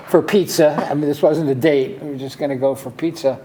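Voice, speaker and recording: A man telling the story of how he met his partner in casual chat, with gentle humor. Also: on the high side, fairly even intonation, moderate pace, slight background noise.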